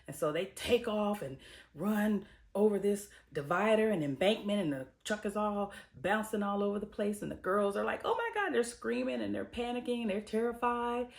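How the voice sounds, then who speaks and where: A woman's voice: medium pitch, moderate pace, vocal fry. A woman host giving a casual, slangy recap of a TV episode, telling it like a story and acting out the characters' lines. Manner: lively storytelling, slipping into characters' voices; colloquial, slangy. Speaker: TV reviewer and host.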